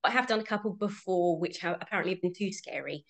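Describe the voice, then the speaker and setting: Laughing British woman, slightly low voice. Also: quick pace. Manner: friendly, laughs often, uses fillers. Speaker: voice actress guest. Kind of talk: casual interview chat.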